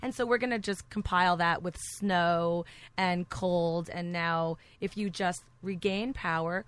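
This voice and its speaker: A woman's voice: lowish voice, steady tone, unhurried, a bit bright, clear, resonant tone. A middle-aged woman from New Jersey with a Jersey accent, chatting as a guest and telling stories with animation. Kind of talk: casual chat.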